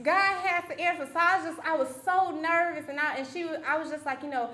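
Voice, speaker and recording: A young woman guest preacher gives a personal, testimony-style sermon in a church sanctuary, telling stories full of restarts and asides. Her voice is high, bright and pushed, and she talks briskly with hardly any pauses. The recording carries the echo of the sanctuary.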